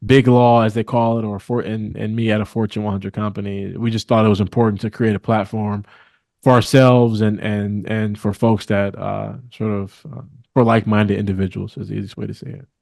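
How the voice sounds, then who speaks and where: A young man from Milwaukee, a guest attorney, answering interview questions in an earnest, measured way with frequent restarts. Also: on the low side, flat delivery, gravelly, a little mellow, no room sound, clean studio sound. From Milwaukee, Wisconsin. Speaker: guest, real estate attorney. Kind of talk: interview conversation.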